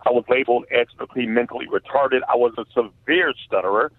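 A man giving an earnest personal testimony as a radio interview guest, halting at times and using many fillers. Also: mid-range voice. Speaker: guest author. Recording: tinny phone line.

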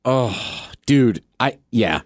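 Casting: male co-host, short bantering replies, pitch moves a lot, dry close mic. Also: lively intonation, extremely slow, no room sound. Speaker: podcast co-host. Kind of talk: casual chat.

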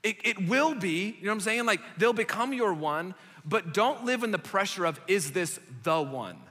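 A high-pitched, bright young man preaching in a loose, conversational way, full of quick asides and filler likes. His voice carries a long reverb from a church hall. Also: expressive. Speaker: pastor. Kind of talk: sermon.

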